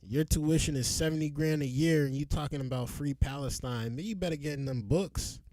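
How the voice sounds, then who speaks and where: A man giving casual, animated reaction commentary on news clips as a vlogger, exclaiming and repeating lines as he goes. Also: fairly high pitch, a little fast, dry recording.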